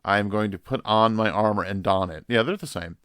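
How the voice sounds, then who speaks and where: A man's voice: fairly low pitch, brisk, fairly bright tone, smooth, no room sound, studio quality. An older man, a pastor hosting his own channel, talking through a quiz in a playful, joking way and thinking aloud. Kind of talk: casual quiz reaction video.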